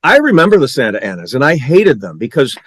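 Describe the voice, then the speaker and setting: A man's voice: mid-range voice, wildly swooping pitch, quick pace, fairly bright tone, no echo, studio quality. A middle-aged man hosting a podcast in casual, teasing chat. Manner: chatty, teasing. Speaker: podcast host.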